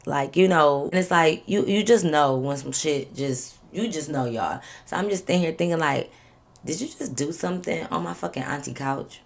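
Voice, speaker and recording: A woman vlogger telling a story in casual, animated fashion, swearing freely and acting out what people said. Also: deep voice. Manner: animated, swears freely, acts out others' lines.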